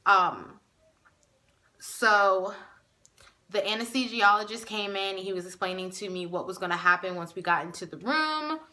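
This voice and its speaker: Young woman, bright clear voice, casual vlog storytelling, chatty with fillers, emotional. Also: medium pitch, normal speed. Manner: chatty, with many fillers and restarts; emotional, near tears. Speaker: vlogger. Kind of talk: casual personal story to camera.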